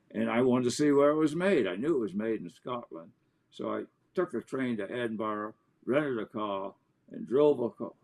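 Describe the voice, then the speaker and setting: A man, an author and interview guest, telling anecdotes in an animated way. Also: lowish voice, gravelly. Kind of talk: storytelling in an interview.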